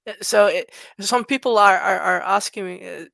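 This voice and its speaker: A woman co-host in casual conversation, her voice bright with a gravelly edge. She is agreeable and brief, halting a little when she explains a point, recorded dry and close. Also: medium pitch, no room sound. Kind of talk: casual chat.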